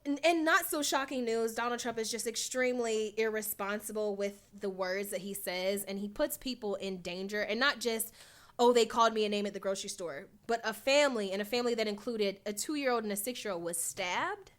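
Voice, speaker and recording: A woman with a fairly high voice co-hosts a casual podcast. She talks through the news in an animated, indignant way, full of fillers and restarts. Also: fairly quick, few pauses. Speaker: podcast co-host. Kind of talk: casual chat.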